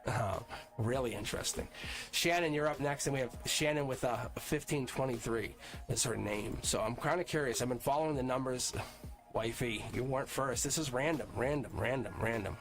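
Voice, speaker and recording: A man runs a live tarot reading in a loose, chatty way, laughing often and calling out to viewers in the chat. His voice sits in a middle pitch for a man. Clear music plays underneath him the whole time. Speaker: tarot reader hosting a live stream. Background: music playing.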